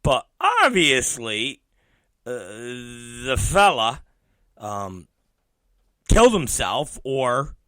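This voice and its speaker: A man hosting his own talk show, ranting and storytelling with heavy swearing, swinging between loud outbursts and muttered asides, often laughing. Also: medium pitch, wildly swooping pitch, drawn-out words, pauses often, no room sound. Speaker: podcast host. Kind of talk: profane comedic ranting.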